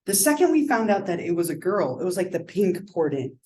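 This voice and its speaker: A woman teaching a psychology class in a classroom, chatty and animated, her voice sore and strained. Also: fairly low pitch, a little fast, a little hiss or hum, low-quality recording. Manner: chatty, animated, peppers talk with "like" and "right?". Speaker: psychology instructor. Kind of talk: classroom lecture. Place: college classroom.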